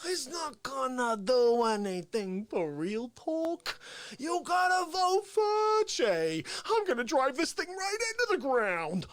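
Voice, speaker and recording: A man doing a comic impression of an indignant older male politician, whiny and rambling, breaking into shouts. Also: extremely high pitch, big pitch swings, slow pace, dry recording, voice pushed up, heavily acted. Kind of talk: comic celebrity impression on a livestream.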